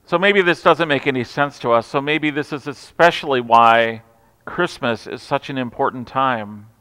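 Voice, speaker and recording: A man preaching a Christmas Eve sermon, telling stories with humor and swinging from loud declarations to hushed asides. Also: mid-range voice, normal speed, clean tone. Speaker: pastor. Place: large church sanctuary. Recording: reverberant church hall.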